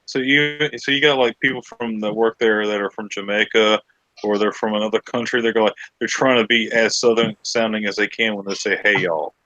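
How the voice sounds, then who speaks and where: Teasing male co-host, bright, tense tone, dull dry stream audio. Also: fairly low pitch, fairly even intonation, brisk, no echo. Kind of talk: casual chat on a live stream. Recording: dull dry mic sound.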